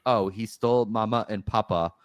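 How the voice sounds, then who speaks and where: A man co-hosting a casual film podcast, an animated storyteller who laughs often. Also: fairly low pitch, moderate pace, dry recording, clean studio sound. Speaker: podcast co-host. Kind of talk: casual movie review chat.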